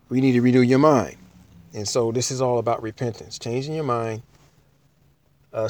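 A man's voice: fairly low pitch, darkish tone. A man giving an informal Bible teaching, talking it through with frequent restarts and reading King James verses aloud. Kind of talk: informal sermon with scripture reading.

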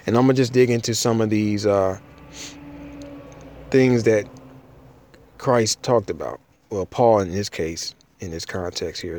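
A man's voice: on the low side, darkish tone, dry recording. A man giving an informal Bible teaching, talking it through with frequent restarts and reading King James verses aloud. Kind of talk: informal sermon with scripture reading.

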